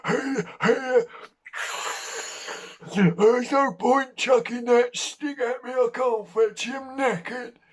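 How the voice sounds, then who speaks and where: A man's voice: very high voice, steady tone, slow pace, long pauses, pitched above the performer's own voice, full character voice. A man voicing a wheezy old male dog with a Cockney accent, chummy and breathless. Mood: chummy grumbling. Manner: chummy, rambling complaints.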